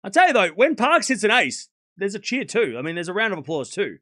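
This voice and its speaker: A man with a high, ringing voice hosts a live tennis watchalong. His pitch jumps around a lot as he calls each point in a chatty play-by-play, thanks donors and breaks into laughter. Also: fast. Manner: chatty play-by-play, reads out donations; laughs often, excitable. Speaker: tennis stream host.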